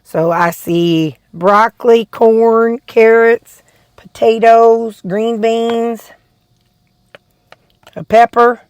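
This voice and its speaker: A woman's voice: on the high side, steady tone, drawn-out words, pauses often, darkish tone, lo-fi sound. Chatty woman rambling through a food vlog. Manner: chatty, rambling, tasting food while talking. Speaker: weight-loss vlogger. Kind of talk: casual food vlog chat.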